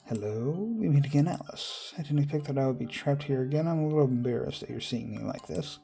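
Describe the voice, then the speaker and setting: A gentle, graceful queen from a storybook game, read by a man in nearly his own voice, speaking softly and politely. The low voice is gravelly and mellow, with faint music underneath. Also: animated, brisk. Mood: apologetic. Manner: soft and polite.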